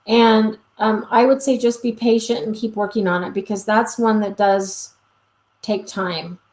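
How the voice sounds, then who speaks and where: A woman's voice: mid-range voice, steady tone, unhurried, a little mellow. A woman dog trainer answering questions in a casual live Q&A, chatty, with many "um"s and acted-out quotes. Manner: chatty, frequent "um", acts out quoted exchanges. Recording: roomy echo.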